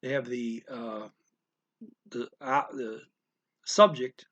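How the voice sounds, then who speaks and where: A man's voice: mid-range voice, steady tone, takes it slowly, fairly bright tone, highs cut off. A man teaching a language lesson in an informal, explanatory way, with frequent fillers and restarts.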